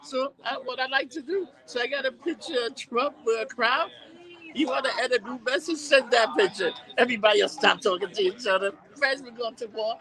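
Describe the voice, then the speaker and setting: A man's voice: extremely high pitch, a little fast, sharp tone, low-quality recording. A middle-aged man co-hosting a casual chat, crude and ranting, swearing a lot.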